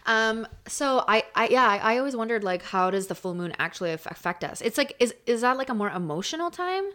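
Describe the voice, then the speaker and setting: A woman's voice: on the high side, lively intonation, brisk, fairly bright tone. A woman co-hosting a podcast who talks in an enthusiastic, curious way, with lots of fillers. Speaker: podcast co-host. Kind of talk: casual chat.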